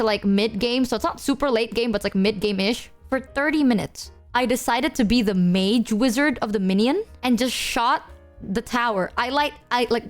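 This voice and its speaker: A young adult woman streamer rambling through game stories with slang and swearing. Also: on the high side. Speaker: VTuber streamer. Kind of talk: casual storytelling about games.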